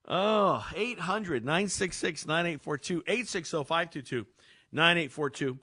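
A man hosting a call-in radio show, telling stories in an animated way and often repeating words as he talks. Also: fairly high pitch, unhurried, no room sound. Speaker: radio talk show host. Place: radio studio. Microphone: studio microphone.

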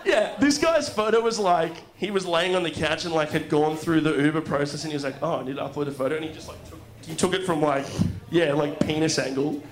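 A man's voice: on the high side, a little fast. A man from Australia co-hosting a live comedy podcast, telling a story and acting out the lines of the people in it. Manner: animated storyteller, acts out quotes. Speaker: podcast co-host. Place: live venue with audience.

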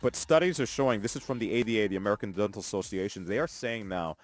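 This morning radio host speaks fast in a fairly low register, keeping things easygoing from his studio. Between casual chatter and listener texts he reads aloud, he frequently breaks into chuckles.

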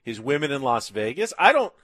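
Male co-host, easy conversational tone, mid pitch. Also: big pitch swings, fairly quick, fairly bright tone. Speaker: podcast co-host. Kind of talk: casual chat.

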